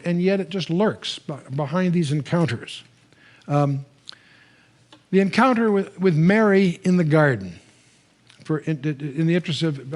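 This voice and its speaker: An older man teaching the Bible to a live audience, telling the stories in a conversational, animated way with frequent restarts. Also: fairly high pitch.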